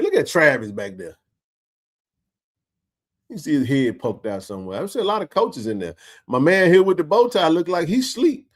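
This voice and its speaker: A man, hosting a casual sports live stream and joking with his chat. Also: a little high. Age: 40s. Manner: joking, animated, talks to chat readers. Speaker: sports talk stream host.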